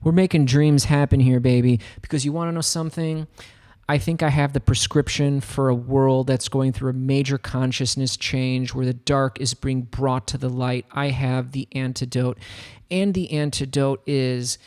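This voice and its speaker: A man's voice: mid-range voice, steady tone, moderate pace, a little mellow. Rambling upbeat American man. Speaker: music producer streaming a tutorial. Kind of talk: casual livestream chat. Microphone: studio microphone.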